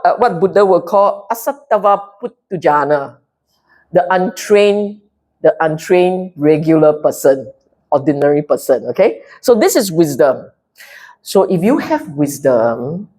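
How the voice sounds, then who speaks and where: A woman with a Singaporean English accent giving a Buddhist Dharma talk, playful and direct, often asking the audience if they follow. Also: on the low side. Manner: animated and playful, mixing in local slang; direct, keeps checking with the audience. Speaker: Dharma speaker.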